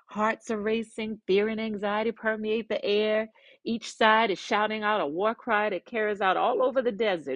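A woman podcast host narrating a story in a lively, conversational way with asides. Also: medium pitch, no room sound.

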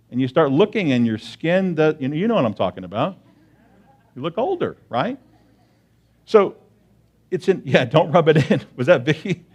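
A man's voice: fairly high pitch, dull audio. A man preaching a sermon to his congregation in a conversational way, often checking in with "right?" and repeating key phrases for emphasis. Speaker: pastor.

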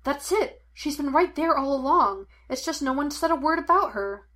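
A woman voicing a restless, impulsive young man who is a psychic detective, talking emphatically and rising to excited shouts. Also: fairly high pitch, moderate pace.

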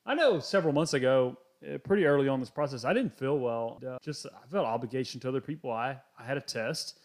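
Chatty man hosting a podcast. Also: mid-range voice. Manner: conversational, rambling with many asides. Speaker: podcast host. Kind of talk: casual podcast discussion.

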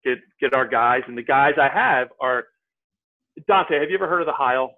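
A man's voice: medium pitch, moderate pace. Man telling a story over a tinny line. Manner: animated, acts out what people said. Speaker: podcast guest. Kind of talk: casual storytelling.

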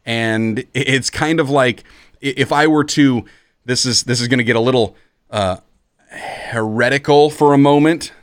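A man's voice: mid-range voice, moderate pace, smooth, dry recording, studio quality. A man who is a pastor and podcast co-host, talking in an earnest, emphatic, sermon-like way. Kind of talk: podcast conversation.

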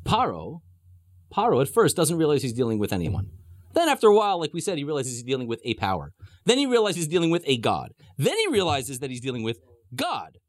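A man teaches a scripture class in an emphatic way, full of rhetorical questions and playful asides. His voice sits slightly high and swings widely in pitch. The recording is close and dry. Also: huge pitch swings, brisk, no room sound. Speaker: religious teacher.

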